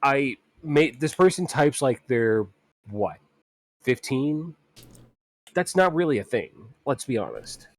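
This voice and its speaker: A man's voice: mid-range voice, very animated, slow pace, no room sound. A man co-streaming in casual chat, who hesitates and repeats words as he starts his sentences.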